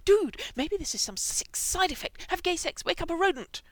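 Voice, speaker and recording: A woman voicing a dramatic, crude young man turned into a hamster, blurting things out loudly. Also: very high voice, normal speed, no room sound, pitched above the performer's own voice. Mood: gleeful. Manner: loud, excitable, blurting.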